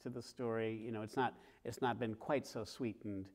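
A middle-aged author talking with a host before a live theater audience, telling stories in a lively way and acting out scenes. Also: male voice, on the low side, moderate pace. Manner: lively, acts out scenes with sounds and quoted voices. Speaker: author guest. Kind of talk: animated storytelling in conversation.

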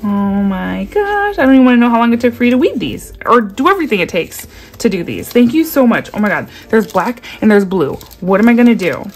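A woman in her thirties chatting casually to viewers as she unboxes budgeting supplies, excitable and gushing, with quick asides. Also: fairly high pitch, soft background music. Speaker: budgeting vlogger.

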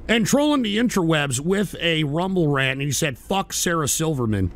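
Gravelly, high-pitched ranting man. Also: very animated, moderate pace. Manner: angry, loud, swearing, shouting at viewers. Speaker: talk radio host reading paid chat messages. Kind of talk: profane political rant.

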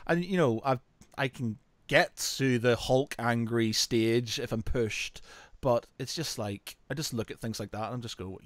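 A man's voice: medium pitch, unhurried, dry recording. A man co-hosting a podcast in casual chat, laid-back and laughing often, with slangy asides. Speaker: podcast co-host.

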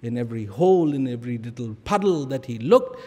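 Male speaker, high and sing-song, drawn-out pauses, soft whispered asides, big hall echo. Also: expressive. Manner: dramatic pauses and repeated phrases, dropping to a whisper. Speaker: spiritual speaker. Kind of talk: reflective public talk with storytelling. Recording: long reverb of a large hall.

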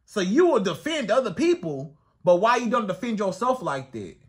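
A man's voice: sits high, normal speed. A man giving dating advice as a coach, talking emphatically and piling up rhetorical questions. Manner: animated, swings into acted outbursts. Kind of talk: advice monologue to camera.

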